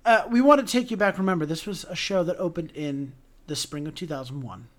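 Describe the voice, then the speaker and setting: A man co-hosting a podcast, talking about theater in an animated, emotional way with lots of restarts. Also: a little high, fairly quick. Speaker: podcast co-host.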